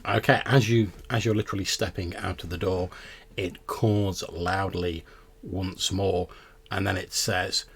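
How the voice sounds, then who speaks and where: A man's voice: deep voice, fairly even intonation, measured pace, breathy edge. A man, narrating a tabletop game as game master in a loose, chatty way.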